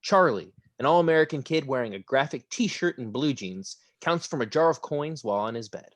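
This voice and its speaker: A man's voice: mid-range voice, animated, brisk, no room sound. A man reading the stage directions aloud in a casual table read over a video call. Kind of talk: script narration at a table read.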